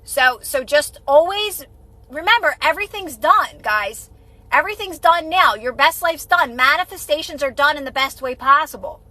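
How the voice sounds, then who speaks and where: Bright high-voiced woman coaching live. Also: animated, moderate pace, no echo, rough recording. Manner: casual, repetitive, reassuring advice; answers viewer comments. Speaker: manifestation coach. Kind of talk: live-stream chat.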